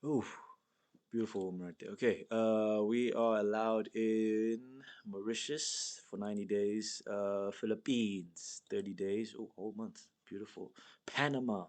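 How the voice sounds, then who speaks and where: A young man from South Africa with a very low voice, hosting a solo show. He rambles casually, swears a lot and reads items off a list, stopping for asides. It sounds like an informal self-made stream. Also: fairly even intonation, measured pace, darkish tone. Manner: loose, rambling, swears often, reads lists aloud. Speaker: podcast host.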